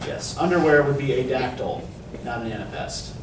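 A man's voice: medium pitch, moderate pace, far from the mic, background noise. A man teaching poetry in a classroom lecture, explaining terms and often checking in with "right?". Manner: explanatory, keeps asking "right?". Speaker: English instructor. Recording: echoey classroom recorded from afar.

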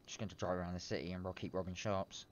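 A man's voice: low voice, little pitch movement, rapid-fire, muffled recording, slight background noise. A British man streaming a crime role-play, talking casually and bluntly with lots of swearing. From Britain. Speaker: streamer playing a criminal. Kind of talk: in-character game role-play.

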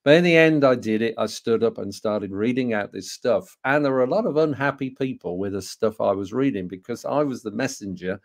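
A man in his sixties from England with a Birmingham accent, telling a personal story to an audience, full of rhetorical questions and halting restarts. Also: medium pitch, lively intonation. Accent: Birmingham English. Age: 60s. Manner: anecdotal, rhetorical questions, frequent hesitations and restarts. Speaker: speaker and co-author.

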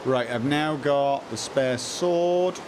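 A man streaming live gameplay, muttering to himself, repeating lines and breaking into excited outbursts. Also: mid-range voice, takes it slowly, noisy background.

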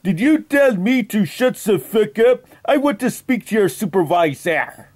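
A man playing a stubborn, fussy French immigrant on a prank call, with an exaggerated put-on French accent and deadpan repeated demands. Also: sits high, unhurried, a little hiss or hum. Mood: insistent. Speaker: prank caller.

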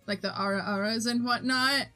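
A woman's voice: a little high, fairly even intonation, moderate pace, pushed and bright, soft background music. Bubbly, giggly woman chatting with viewers. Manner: giggly, reads chat aloud, bubbly. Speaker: streamer. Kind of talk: casual chat while drawing.

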